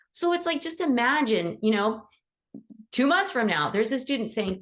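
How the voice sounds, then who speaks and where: A woman's voice: fairly high pitch, very animated, moderate pace. A woman who teaches animal Reiki, hosting a casual support call, chatty and encouraging as she acts out bits of dialogue. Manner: motivational, affirming.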